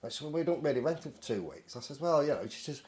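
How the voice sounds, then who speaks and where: English man swearing through a lively anecdote. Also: a little high, fast. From England. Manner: swears constantly, acts out the people in his story. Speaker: storyteller. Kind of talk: casual anecdote.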